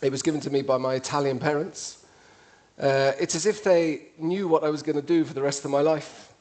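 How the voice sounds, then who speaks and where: A man's voice: on the high side, fairly even intonation, brisk, darkish tone. A man with an English accent giving a witty, conversational public talk to an audience. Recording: played from a video.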